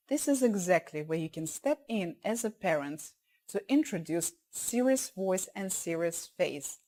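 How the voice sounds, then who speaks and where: A woman who is a parenting instructor, narrating a course in a calm, explanatory way and stressing key points. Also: mid-range voice, low-quality recording.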